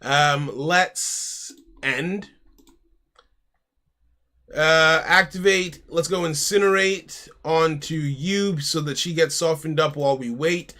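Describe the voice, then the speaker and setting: A fairly bright, higher male voice that moves slowly yet barely pauses. This US-based man streams from home, making casual chat and commentary on his card game moves, and calls others "mate."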